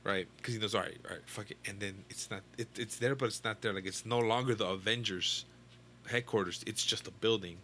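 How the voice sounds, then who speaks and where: A young man with a fairly low but bright, forceful voice, rambling through a comic book plot in loose, casual chat. He swears freely and trips over fillers and restarts. A faint hiss sits under the recording. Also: steady tone, brisk. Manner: rambling, profane, filler-heavy storytelling. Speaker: comic book fan recapping a storyline.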